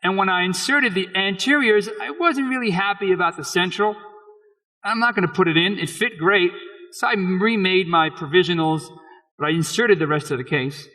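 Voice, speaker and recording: Man, dentist, conference lecture, conversational, frank, fairly high voice, reverberant hall. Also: normal speed, bright, forceful tone. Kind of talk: conference lecture walking through case slides.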